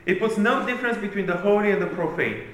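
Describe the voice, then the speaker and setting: A man's voice: high-pitched, fast talker, a bit bright. A man preaching a sermon, reading with an emphatic, declamatory delivery. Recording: very echoey room.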